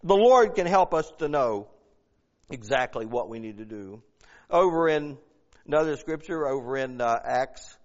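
A man's voice: mid-range voice, lively intonation, measured pace. A man preaching a fervent sermon, reading scripture aloud and pleading in prayer. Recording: dull lo-fi recording.

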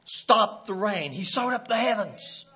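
A man preaching a sermon with passion, often breaking into shouts and laughs. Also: sits high, expressive, unhurried, breathy edge. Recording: dull lo-fi recording.

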